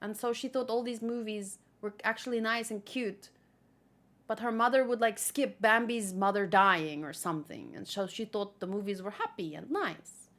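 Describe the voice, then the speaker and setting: A manga read-along host reads a comic aloud and chats about it casually, gushing and emotional. Her voice is medium-pitched and a bit bright, at a normal speed.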